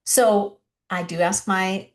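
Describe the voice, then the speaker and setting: A woman hosting a podcast, speaking warmly and encouragingly to her guest and her listeners. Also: mid-range voice, steady tone, takes it slowly. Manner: warm and encouraging. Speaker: podcast host. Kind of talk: podcast interview talk.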